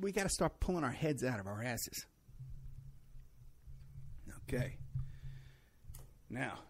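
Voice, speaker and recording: Gravelly, sarcastic man ranting on his show. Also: fairly high pitch. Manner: rambling, sarcastic, laughs at his own points. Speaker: show host. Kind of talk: solo monologue commentary.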